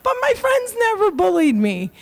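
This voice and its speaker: A woman giving a comedic keynote speech, joking and self-mocking with quick punchlines. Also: extremely high pitch, wildly swooping pitch, gravelly. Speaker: keynote speaker.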